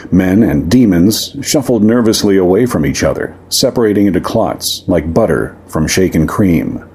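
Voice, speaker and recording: A man narrating a short story in a measured, dramatic reading. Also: low-pitched, expressive, a little mellow, slightly rough. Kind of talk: audiobook fiction reading.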